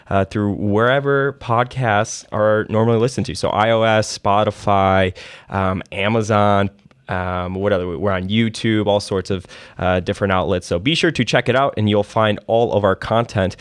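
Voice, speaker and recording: A man's voice: on the low side, moderate pace, smooth, no room sound. Casual man hosting a finance podcast. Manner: conversational, storytelling with many fillers. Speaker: podcast host. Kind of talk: casual investing podcast chat.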